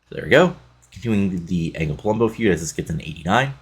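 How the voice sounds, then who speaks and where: A man's voice: low voice, expressive, fast talker, slightly rough. A man casually recapping a wrestling sim game, rambling with many fillers. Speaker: game playthrough narrator.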